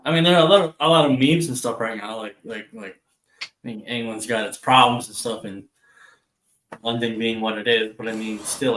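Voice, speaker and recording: A man co-hosting a casual live-stream chat, talking in an animated way and swearing freely as he acts out other people's voices. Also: fairly low pitch, reverberant, low-quality recording. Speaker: co-host.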